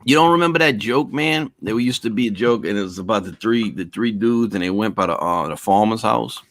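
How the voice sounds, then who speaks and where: A man's voice: on the low side, lively intonation, brisk, dry recording. A man in casual chat, telling a long profane joke in a rambling way.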